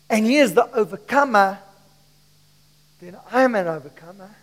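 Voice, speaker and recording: A man preaches in a strikingly high voice, pressing each line with emphasis and calling on the congregation to repeat after him. His sermon rings through a church hall with long, lingering reverb. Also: expressive, moderate pace, long pauses. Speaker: pastor.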